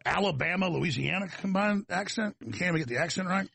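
A man's voice: high voice, expressive, quick pace, vocal fry, a bit bright, slightly rough, no room sound. A man with a Texas accent, hosting a talk show in a rambling, combative, folksy monologue that wanders off on tangents.

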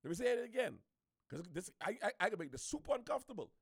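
Gravelly high Bahamian man ranting. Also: fast, no room sound, studio quality. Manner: animated, preachy, repeats himself. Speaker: social media commentator. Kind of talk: opinionated rant to camera.

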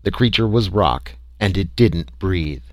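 Male audiobook reader, low voice, dry sound, unhurried first-person storytelling. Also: lively intonation, no echo.

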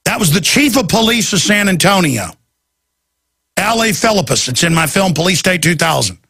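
A man's voice: sits high, animated, moderate pace, gravelly, sharp tone, breathy edge, no room sound. A man hosting a talk show, delivering a heated, emphatic and urgent radio monologue.

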